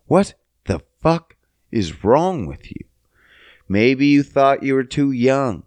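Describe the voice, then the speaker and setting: A young adult man from Canada hosting a solo comedy podcast, profane and sing-song, jumping up high for silly bits. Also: big pitch swings, slow, darkish tone, no echo. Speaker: podcast host.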